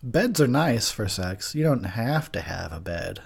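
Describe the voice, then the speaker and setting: A man's voice: fairly low pitch, very animated, measured pace, vocal fry, husky. A tipsy man giving crude, rambling drunken movie commentary, laughing often. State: drinking, tipsy.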